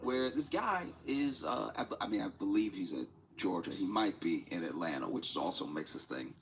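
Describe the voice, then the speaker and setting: A man's voice: low voice, moderate pace, poor audio. Rambling, laughing man on a livestream. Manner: rambling storytelling, laughs often, repeats himself. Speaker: livestreaming artist. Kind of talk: casual livestream chat. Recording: steady background noise.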